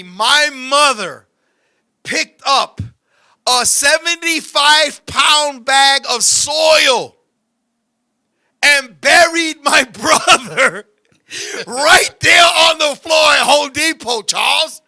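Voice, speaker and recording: A man with a strikingly high, sharp, bright voice hosts a casual show. He tells stories in a loud, animated, profane way and often breaks into shouts. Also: drawn-out words. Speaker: show host. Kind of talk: comedic storytelling chat.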